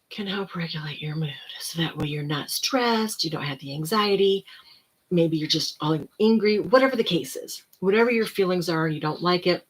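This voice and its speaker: A tired woman giving casual self-help talk, rambling and relaxed, now and then dropping to soft whispered breathing cues. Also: on the low side, low-quality recording.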